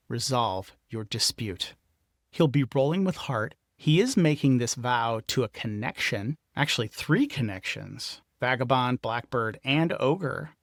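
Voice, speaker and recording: A man narrates a solo tabletop role-playing session, explaining each game mechanic methodically. His pitch sits in the middle, and he talks at an unhurried pace. The sound is dry and close. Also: fairly bright tone, no echo.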